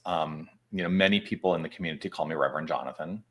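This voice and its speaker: A man's voice: deep voice, fairly quick. A man who is a minister co-hosting a casual talk, speaking reflectively and rambling with fillers. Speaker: minister, co-host. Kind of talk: casual chat.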